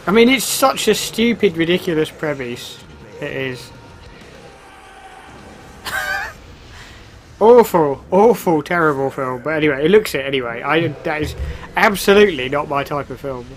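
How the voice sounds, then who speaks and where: A man's voice: on the high side, animated, fairly quick, a bit bright, a little hiss or hum. A man giving casual, wry commentary while starting a video game, with sarcastic asides. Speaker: let's play host.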